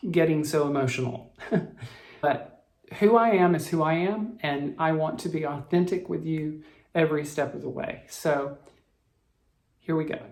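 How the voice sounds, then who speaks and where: Choked-up man with a gravelly voice. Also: a little high. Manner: emotional, choked up, halting with restarts. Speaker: cross-stitch vlogger. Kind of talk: personal storytelling to camera. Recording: echoey room, faint music behind.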